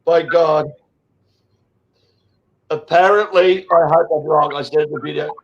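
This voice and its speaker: A high-voiced Australian man in his sixties talks in an impassioned online chat. He is emotional, swears hard and rambles, restarting his sentences as he goes. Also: steady tone, measured pace, pauses often, lo-fi sound. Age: 60s. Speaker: show host.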